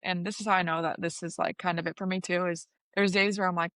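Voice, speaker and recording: A woman in her thirties, a softball coach and player, talking earnestly about motherhood in an interview. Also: fairly low pitch, flat delivery, fast, no room sound. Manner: earnest and reflective, with restarts. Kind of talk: casual interview chat.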